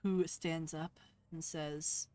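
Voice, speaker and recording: A woman narrates a tabletop roleplaying game as its game master. Her voice is low and her pace is unhurried. She is playful and laughs easily as she narrates. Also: steady tone, warm tone, clear, resonant tone.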